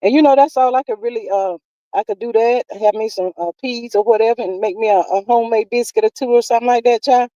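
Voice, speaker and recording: A woman's voice: a little high, quick pace, dark tone, no room sound, dull audio. A woman hosting a casual livestream, chatting with viewers in a folksy way and calling them "child" and "honey.". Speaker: livestream host. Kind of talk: casual livestream chat, reading viewer comments.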